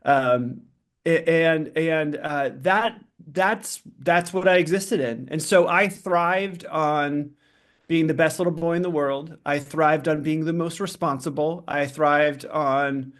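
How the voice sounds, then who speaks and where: A middle-aged man with a fairly high voice tells his own life story as a podcast guest. He talks fast and with energy, breaking off his sentences and packing them with fillers. It sounds like candid, unscripted conversation. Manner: fast, animated, self-interrupting with many fillers.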